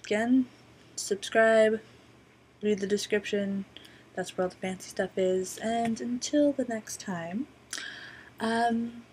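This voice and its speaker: A woman's voice: fairly high pitch, slow pace, long pauses, a little mellow, slight background noise. A woman vlogger telling stories casually to her laptop webcam, rambling with many "um"s and a wry, profane streak. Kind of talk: casual storytelling to camera. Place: indoors at a borrowed laptop.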